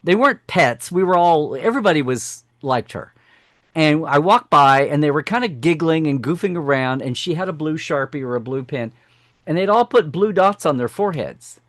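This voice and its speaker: A man guest on a podcast, telling lively stories and often breaking off to restart his sentences. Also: a little high, moderate pace, no echo, studio quality. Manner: animated storyteller who breaks off and restarts sentences. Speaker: podcast guest, franchise historian. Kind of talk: casual podcast conversation.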